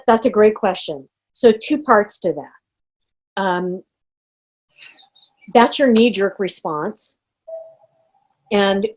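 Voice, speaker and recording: A middle-aged woman leading an online group coaching call, talking in an animated way and acting out inner reactions. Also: medium pitch. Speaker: coach running a group session. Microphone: video call.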